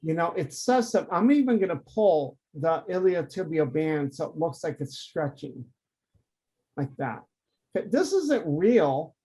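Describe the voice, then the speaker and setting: A man who teaches anatomy for artists, talking through a drawing demonstration on a video call, lively and emphatic. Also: fairly high pitch, measured pace, slightly rough. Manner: animated, conversational, emphatic teaching. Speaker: anatomy art professor.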